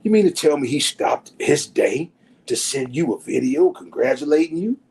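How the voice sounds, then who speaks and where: A middle-aged man, a podcast guest, telling stories in a loud, profane, animated way and acting out the people he quotes. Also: on the high side, normal speed, slight background noise, rough recording. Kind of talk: casual storytelling.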